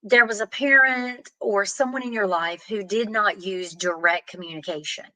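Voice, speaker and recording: A woman's voice: medium pitch, moderate pace, sharp tone, dry recording, poor audio. A woman giving earnest, plain-spoken relationship advice, acting out example conversations. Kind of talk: direct-to-camera advice talk.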